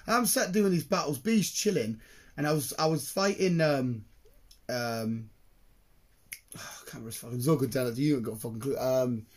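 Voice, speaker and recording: A man, hosting a casual chat, excitable and sweary, breaking into laughter. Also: mid-range voice, moderate pace.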